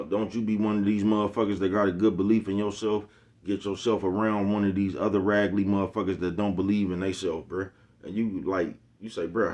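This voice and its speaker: A man's voice: lowish voice, darkish tone. A man in his forties, a YouTube host, giving a casual motivational monologue full of streetwise slang and repeated catchphrases. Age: 40s.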